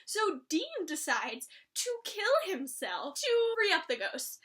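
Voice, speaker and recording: Gushing high-voiced young woman recapping TV. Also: sing-song, takes it slowly, a bit bright. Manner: gushing and emotional, fills talk with "like". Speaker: YouTuber reviewing TV episodes. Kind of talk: casual episode recap.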